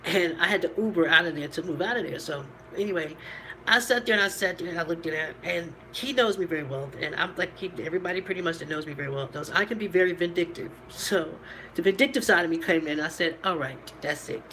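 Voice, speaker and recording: A woman's voice: fairly low pitch, fast, fairly bright tone, a little hiss or hum, poor audio. A woman vlogger telling a candid personal story, rambling and profane, laughing between lines.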